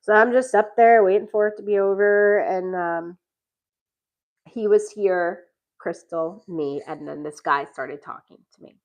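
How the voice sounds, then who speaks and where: Animated woman telling a story with laughs. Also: mid-range voice, unhurried, lo-fi sound. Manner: animated, laughs often, acts out quoted lines. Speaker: podcast host telling a dating story. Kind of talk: casual storytelling chat.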